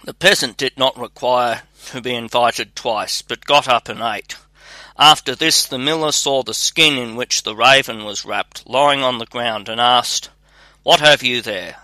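A man narrating a fairy tale in a measured, even read-aloud manner. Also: medium pitch, dry recording. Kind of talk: storybook narration.

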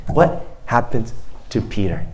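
A man preaching a sermon to a youth group. He talks casually, then builds to loud, emphatic preaching and repeats lines for emphasis. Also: lowish voice, lively intonation, unhurried, slight background noise. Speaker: youth pastor.

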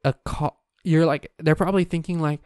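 A man's voice: a little high, fairly even intonation, moderate pace, darkish tone, clean tone, no room sound, clean studio sound. A man delivering a profane, exasperated comedic rant, exaggerating wildly. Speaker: comedic ranter.

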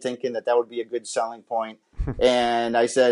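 A man's voice: mid-range voice, monotone, moderate pace, a little mellow. A man from Massachusetts, a podcast guest, telling his life story in an earnest, heartfelt way. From Massachusetts, USA. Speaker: interview guest, former pitcher and scout. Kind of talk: personal storytelling in a podcast interview.

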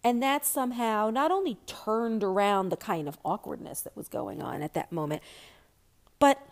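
A woman's voice: mid-range voice, animated, normal speed, vocal fry. A woman talking candidly and reflectively about personal experience, with many fillers and restarts.

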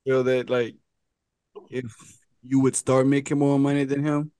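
A man's voice: mid-range voice, little pitch movement, unhurried, dark tone, clean tone, dry recording. A man co-hosting a podcast, telling a story in a loose, rambling way with stumbling restarts. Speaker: podcast co-host. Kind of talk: casual podcast chat.

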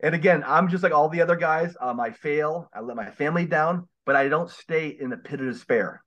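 Emphatic preachy male guest, slightly high voice, dull lo-fi recording. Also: fairly quick, fairly bright tone. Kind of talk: casual podcast interview. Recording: dull lo-fi sound.

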